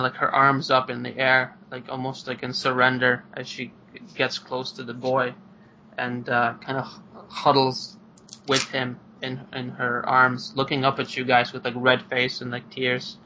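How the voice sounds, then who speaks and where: A man's voice: mid-range voice, monotone, normal speed, bright, forceful tone, slight background noise. A man narrating a tabletop game as game master, rambling with many fillers, over a video call. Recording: muffled lo-fi online call.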